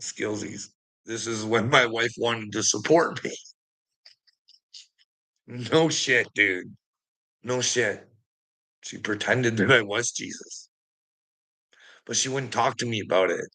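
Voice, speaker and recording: A man's voice: on the low side, slow, long pauses, pushed and bright. A man telling a rambling story to a friend in casual chat, swearing a lot and laughing often mid-sentence. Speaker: vlogger.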